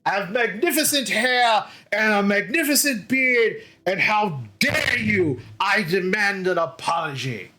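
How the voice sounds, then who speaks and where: A man's voice: sits high, lively intonation, a little slow, few pauses, bright, forceful tone, voice pushed up, full character voice. A man voicing an indignant, pompous old male dwarf who demands an apology. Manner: huffy, demanding, offended.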